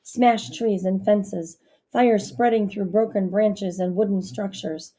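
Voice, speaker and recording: A woman reading a novel aloud as narrator in a steady storytelling manner. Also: mid-range voice, slow. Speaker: audiobook narrator. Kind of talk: scripted narration.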